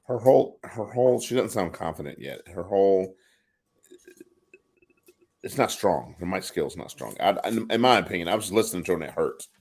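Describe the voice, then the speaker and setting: A man with a very low, deep voice co-hosts a casual wrestling chat. He hesitates and repeats words as he puts his thoughts together. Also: animated, moderate pace, darkish tone, husky. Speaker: co-host.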